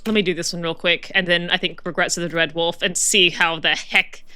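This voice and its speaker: A woman's voice: lowish voice, fairly even intonation, brisk, bright, forceful tone, clear, resonant tone. A woman giving chatty, laughing gameplay commentary as a let's-play streamer.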